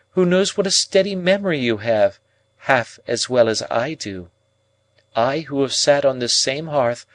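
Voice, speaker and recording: A man reading an audiobook voices a cold, proud young woman with a measured, coolly reasoning delivery. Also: mid-range voice, no room sound, pitched above the performer's own voice, natural voice.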